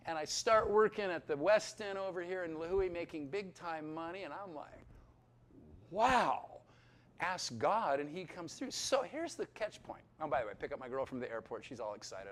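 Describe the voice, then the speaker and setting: A man giving a personal testimony, telling his story with animated delivery and acting out the voices in it. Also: a little high. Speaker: testimony speaker.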